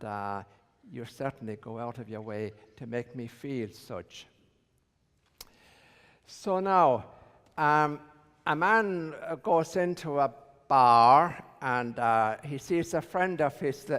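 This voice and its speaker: A priest preaches slowly, mixing dry humor into his homily and pausing often over his words. A long church reverb hangs on every phrase. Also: medium pitch, clear, resonant tone. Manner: wry, joke-telling, hesitant with fillers. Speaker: visiting priest. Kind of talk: sermon.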